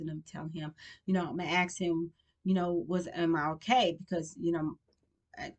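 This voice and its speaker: Rambling woman vlogger, lowish voice. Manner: rambling, with many fillers and restarts; informal, colloquial speech. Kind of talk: casual storytelling to camera.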